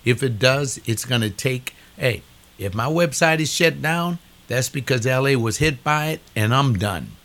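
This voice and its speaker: A man's voice: mid-range voice, animated, a little slow, fairly bright tone. An older man delivering a preaching monologue, emphatic, repeating phrases with a rising preacher's cadence.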